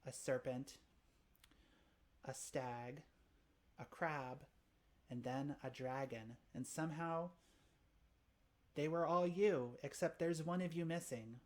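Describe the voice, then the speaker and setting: A woman's voice: low voice, slow, long pauses. A woman voicing an earnest, wary tavern proprietor in a tabletop game.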